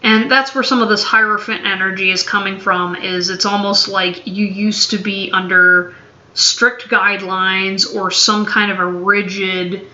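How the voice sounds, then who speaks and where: Slow blunt woman reading tarot cards. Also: medium pitch, bright, forceful tone. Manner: blunt, swears freely, playful drawl. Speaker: tarot reader. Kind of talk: casual tarot reading to camera. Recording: dull, echoey room recording.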